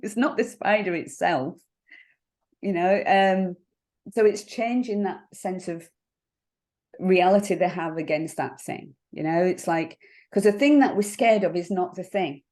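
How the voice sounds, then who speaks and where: A woman coach talking in a casual interview. She is reflective and halting, and she laughs often as she explains her thinking. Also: lowish voice, a little mellow. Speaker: NLP coach.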